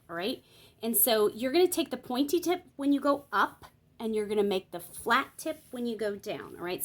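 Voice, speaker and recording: A woman with a medium-pitched, slightly bright voice hosts a laid-back Bible journaling tutorial. Thinking aloud while she works, she talks through each step and checks in with viewers along the way.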